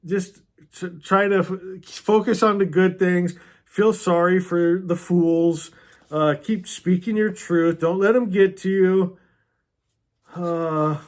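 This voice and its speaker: A man with a high voice talks through a novel in a slow, unhurried way. He is earnest and chatty, laughing now and then as he reads passages aloud for his book club. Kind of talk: casual book discussion and reading aloud.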